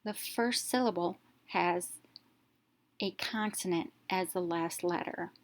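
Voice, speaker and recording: A woman teacher giving a step-by-step phonics lesson, slowly sounding out letters one at a time. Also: fairly low pitch.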